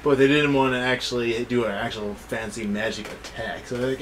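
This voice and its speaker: A man's voice: mid-range voice, steady tone, a little fast. A man with an ordinary mid-range voice chimes in with dry, dismissive remarks. A faint hiss of noise sits under his voice. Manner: wry, dismissive commentary. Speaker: co-host. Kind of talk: casual review chat.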